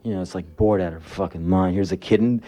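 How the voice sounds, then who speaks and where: A man's voice: deep voice, fast, warm tone. A man telling sarcastic, profane anecdotes in a live spoken word performance.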